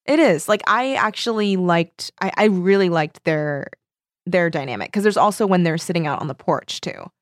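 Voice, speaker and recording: A woman's voice: lowish voice, expressive, normal speed, dry recording, clean studio sound. A young woman co-hosting a podcast, chatting casually about a book, laughing and reading passages aloud. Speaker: podcast co-host.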